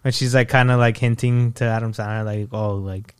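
A young man talks through his favorite movie moments in a relaxed, easygoing way, chuckling and swearing as he goes. His voice is smooth and clear, recorded dry and close with no room echo. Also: medium pitch, a little fast. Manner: laid-back, laughs often, swears casually. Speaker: co-host of couple's movie chat. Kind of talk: casual movie chat.

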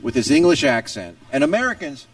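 A man's voice: medium pitch, very animated, brisk, no echo, far from the mic. A man in a casual chat, laying out his opinions in a lecturing way.

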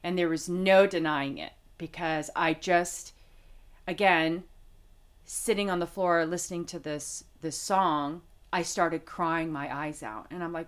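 A middle-aged woman from Las Vegas, a guest telling a personal faith story in a heartfelt, halting way with many fillers. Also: on the low side, fairly even intonation. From Las Vegas, United States. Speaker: interview guest. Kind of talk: personal faith testimony in conversation.

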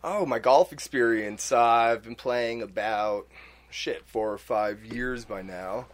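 A man's voice: mid-range voice, slow. A man co-hosting a casual podcast, laughing and poking fun at himself. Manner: self-deprecating, laughing banter. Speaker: podcast co-host. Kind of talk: casual chat.

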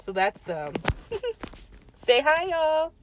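A young adult woman telling a casual story to her camera, blunt and animated, swearing freely. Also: high voice, takes it slowly, slight background noise, rough recording. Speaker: vlogger.

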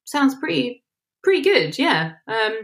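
A woman co-hosting a casual chat, animated and quick to laugh, with plenty of fillers. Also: high-pitched. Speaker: podcast co-host.

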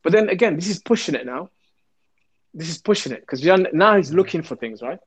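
A man's voice: a little high, brisk, husky. A man, a former police officer, telling a story in an interview and acting out the voices he quotes. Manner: animated, acts out the quoted voices.

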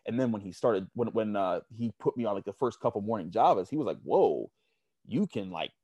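A man's voice: fairly low pitch, quick pace, a little mellow, husky, no room sound. A man guest in a casual interview, telling stories at length with many restarts and fillers. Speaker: sports media guest.

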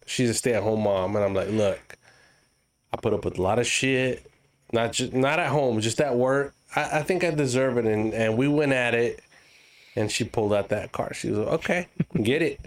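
A man's voice: medium pitch, moderate pace. A young man hosting a podcast, chatting casually and acting out quoted lines in changing voices. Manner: animated storyteller, acts out quotes in shifting voices. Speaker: podcast host. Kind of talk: casual chat.

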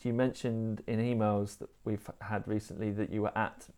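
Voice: mid-range voice, flat delivery, moderate pace, loud music behind the voice. An interviewer who asks questions and gives short encouraging responses. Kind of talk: interview conversation.

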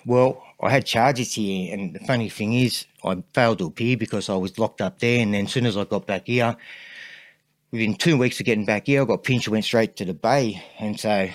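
A man's voice: lowish voice, a little fast, no room sound. A man with an Australian accent, a podcast guest telling a long story in a rambling way, full of fillers. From Sydney, Australia. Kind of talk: casual storytelling interview.

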